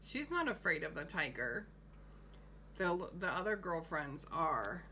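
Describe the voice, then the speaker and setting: A woman reading a picture book aloud to young children, gently stopping to point out the pictures and ask questions. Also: low-pitched, animated, takes it slowly, slight background noise. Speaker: home-school teacher.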